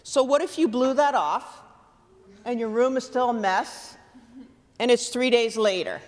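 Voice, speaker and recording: A woman's voice: on the high side, unhurried. Woman coaching a band in a big hall. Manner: lively, questioning, encouraging. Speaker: band clinician. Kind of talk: rehearsal coaching. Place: large theatre stage. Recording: long hall reverb.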